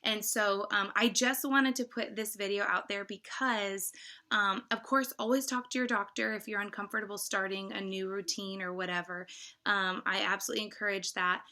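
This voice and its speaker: A woman's voice: medium pitch, bright, forceful tone. A woman in her thirties talking to her viewers in a casual vlog, effusive and emotional, with lots of fillers and restarts. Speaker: vlogger.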